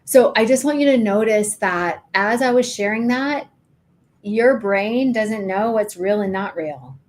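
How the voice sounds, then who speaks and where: Brief: middle-aged woman, podcast co-host, storytelling guide, mid-pitched voice. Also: a little slow, darkish tone. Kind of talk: guided imagery exercise in casual chat.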